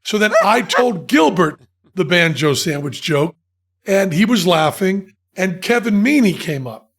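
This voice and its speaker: Sharing a comic anecdote on his podcast, this host talks a little slowly in a high, slightly rough voice. He's an animated storyteller whose laughter spills into the middle of his lines.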